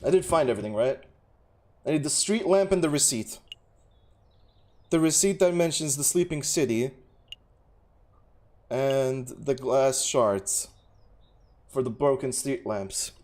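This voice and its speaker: A man's voice: mid-range voice, a little slow, pauses often, a little mellow. A man casually talking through a game as a streamer, thinking aloud. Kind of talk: casual gameplay commentary.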